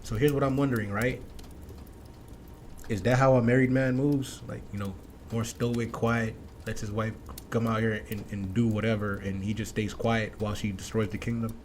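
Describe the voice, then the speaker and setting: A man's voice: lowish voice, flat delivery, moderate pace, slight background noise. A man hosting a casual reaction commentary, blunt and wry, talking slangily to his viewers. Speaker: commentary host.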